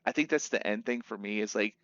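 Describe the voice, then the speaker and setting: A man's voice: on the low side, fast talker, no room sound. A young man streaming, casually chatting about a video game and acting out quotes in different voices. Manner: animated storyteller, acts out quotes in voices. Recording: dull lo-fi dry mic.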